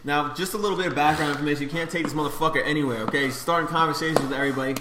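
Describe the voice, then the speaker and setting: A man co-hosting a podcast, telling stories in casual, profane, animated chat. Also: a little high, very fast. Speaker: podcast co-host. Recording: echoey room with faint noise.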